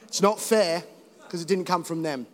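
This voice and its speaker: High-voiced young preacher in an echoey hall. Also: male voice, normal speed. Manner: animated, joking, rising to emphatic exhortation. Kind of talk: energetic sermon. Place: church hall.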